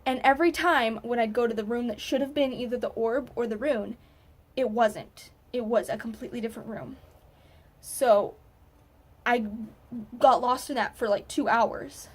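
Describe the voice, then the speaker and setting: A woman student recapping a game to her viewers in a casual, animated way, swearing now and then. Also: a little high, normal speed. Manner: animated, excitable, swears freely. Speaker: gaming vlogger, student.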